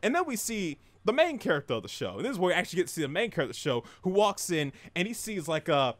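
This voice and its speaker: A man's voice: high-pitched, very animated, rapid-fire. A young man casually recapping and reviewing an anime, rambling with many fillers and restarts.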